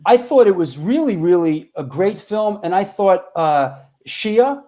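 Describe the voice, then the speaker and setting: Man, show host, mellow dark voice, stammering, repeats himself. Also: high voice, lively intonation. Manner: halting, stammering questions, swears casually. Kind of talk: casual interview chat.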